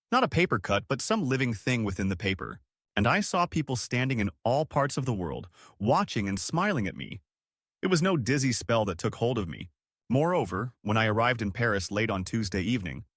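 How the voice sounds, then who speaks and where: Young man, horror story narration, dramatic, lowish voice. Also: a bit bright, no echo, studio quality. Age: young adult.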